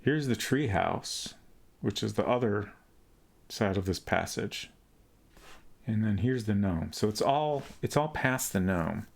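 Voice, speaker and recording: Musing man with a creaky voice. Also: on the low side, expressive, slow pace. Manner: thinks aloud, hesitant and musing. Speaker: streamer. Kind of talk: casual let's-play commentary.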